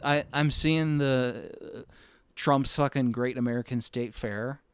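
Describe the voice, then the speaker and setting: A man's voice: medium pitch, steady tone, measured pace, clear, resonant tone, no echo. A man co-hosting a podcast in casual chat, rambling and swearing with frequent restarts. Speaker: podcast co-host.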